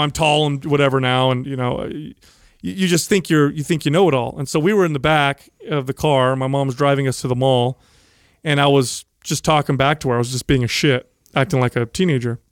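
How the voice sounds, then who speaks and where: A man co-hosting a podcast, telling a story in a casual, animated way, acting out quotes and swearing freely. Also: on the high side, clean tone, no echo, clean studio sound. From San Jose, California. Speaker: podcast co-host.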